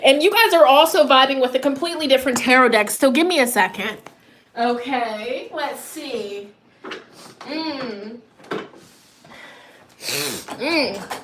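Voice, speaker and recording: A woman's voice: high voice, very animated, slow pace, long pauses, background noise. A woman doing a live tarot reading, playful and goofy, chatting loosely with lots of "you know" fillers. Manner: playful, goofy, with laughs and exclamations. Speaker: tarot reader.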